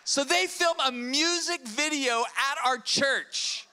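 Bright-voiced, excitable middle-aged male pastor. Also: very high voice, slow, slight background noise. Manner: animated, repeats words and checks in with "all right?". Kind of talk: storytelling sermon. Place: church stage before a congregation.

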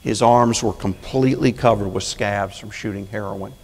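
A man's voice: lowish voice, fairly even intonation, moderate pace, slightly rough, in a large hall. A man preaching as a prison chaplain in a church, folksy and plain-spoken, building to fervent calls for an amen. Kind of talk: sermon. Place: church sanctuary.

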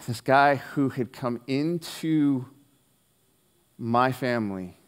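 A man preaching a sermon, telling a personal story in an earnest way and dropping his voice softly on the key lines. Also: medium pitch, slow, clean tone. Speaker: pastor. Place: church hall. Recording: long hall reverb.

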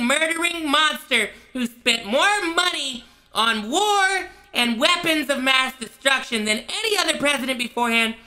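A man's voice: very high-pitched, pushed and bright, full character voice. A man playing a hot-tempered male parody TV host who rants, stammers and gets flustered. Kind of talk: comedic parody monologue.

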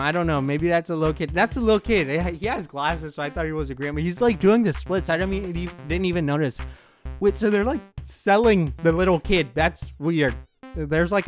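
A man giving let's play commentary, excitable and thinking aloud as he plays, laughing often. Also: high-pitched. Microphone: headset.

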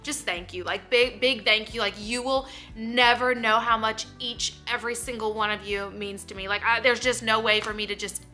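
A woman's voice: on the high side, fairly even intonation, normal speed, hardly any pauses, pushed and bright, faint music behind. A young woman, talking casually to camera, emotional and full of "like". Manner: emotional, choking up and laughing; filler-heavy, repeats "like". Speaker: vlogger.

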